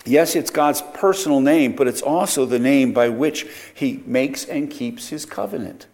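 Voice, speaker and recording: A man's voice: medium pitch, measured pace, a little mellow. A man teaching a Bible study lecture, explaining verses with frequent rhetorical questions and self-corrections.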